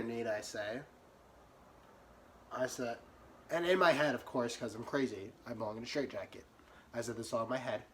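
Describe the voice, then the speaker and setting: A young man telling a comic story about himself, animated, swinging from muttered asides to sudden yelps. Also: mid-range voice, a little hiss or hum. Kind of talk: comedic storytime monologue.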